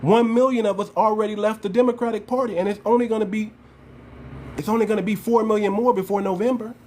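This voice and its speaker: A man's voice: sits high, steady tone, fast talker, darkish tone, slight background noise. Emphatic American man ranting to viewers. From United States. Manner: emphatic, repeats his points; slangy, talks straight to viewers. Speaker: channel host. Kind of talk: impassioned political commentary.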